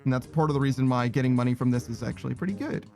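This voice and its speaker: A man's voice: medium pitch, racing, a little mellow, soft background music. A man casually chatting with viewers while he plays a game, rambling, self-conscious and laughing often. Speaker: streamer.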